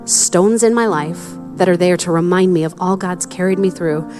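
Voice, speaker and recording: A young adult woman preaching a sermon in a conversational, candid way, with quick asides. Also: fairly low pitch, music in the background. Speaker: pastor.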